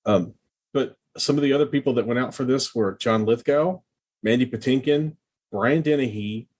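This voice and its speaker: A man's voice: medium pitch, normal speed, a little mellow. A man co-hosting a film podcast, casually sharing trivia with some hesitations. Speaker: podcast co-host.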